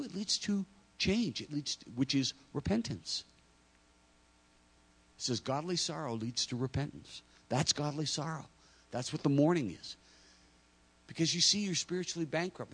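A man preaching a sermon, talking to the congregation directly and acting out imagined speakers. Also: on the high side. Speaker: pastor.

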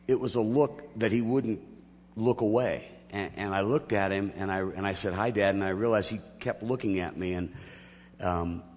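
A middle-aged male pastor preaching a sermon, telling a personal story with gentle humor before building into emphatic teaching. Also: on the low side, big-room sound, slight background noise.

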